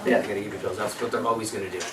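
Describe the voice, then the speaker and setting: A man giving a health workshop, talking lively and asking the audience questions. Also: fairly low pitch, very fast, a little hiss or hum. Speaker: workshop presenter. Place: workshop room. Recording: echoey room, distant mic.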